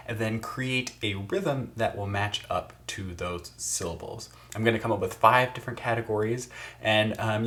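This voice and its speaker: A man with a fairly low voice talks students through a music lesson. He explains each step in a steady, patient way. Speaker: music teacher. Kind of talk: classroom lesson.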